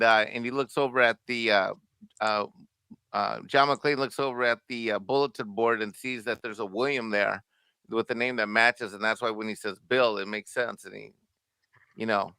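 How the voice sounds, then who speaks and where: A man chatting casually about an action film, animated and ready to act out scenes. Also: medium pitch, gravelly, smooth, dry recording. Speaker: co-host.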